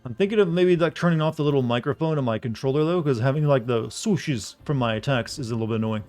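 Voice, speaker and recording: A man streaming a video game, chatting casually to his viewers in a flat, deadpan way. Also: medium pitch, fast talker, faint music behind. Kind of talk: casual live-stream commentary.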